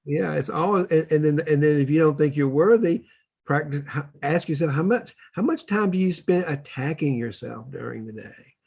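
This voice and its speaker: A man's voice: fairly high pitch, expressive, normal speed, vocal fry, a little mellow, husky. A man speaking as a spiritual teacher, telling his story in an earnest, preachy way during a casual workshop conversation.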